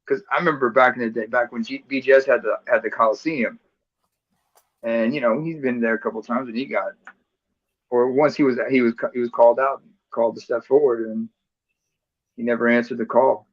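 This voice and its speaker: A man's voice: medium pitch, fairly even intonation, brisk. A man trades playful banter and mock radio-ad jokes on a podcast. His voice comes through dull, lo-fi call audio.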